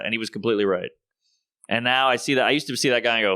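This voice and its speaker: Man, comedian, casual podcast chat, animated storytelling, crisp voice, dry close mic. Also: mid-range voice, rapid-fire, no room sound. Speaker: comedian guest.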